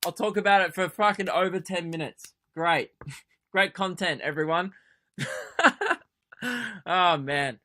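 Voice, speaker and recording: A man's voice: sits high, steady tone, takes it slowly, pauses often, pushed and bright. A young Australian man hosting a comedy podcast, telling a sarcastic, sweary story. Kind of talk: comedic solo podcast rant.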